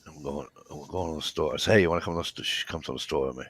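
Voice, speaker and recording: A man's voice: rumbling low, fairly even intonation, racing, fairly bright tone, breathy edge, no room sound. A man in his fifties in rambling casual chat, swearing freely as he tells stories. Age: 50s. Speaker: podcast co-host.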